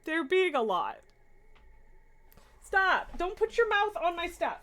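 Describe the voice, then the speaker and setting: A woman's voice: extremely high pitch, very animated, slow, fairly bright tone. A woman live streamer chatting casually from her home streaming room, laughing often, swearing and scolding her cats.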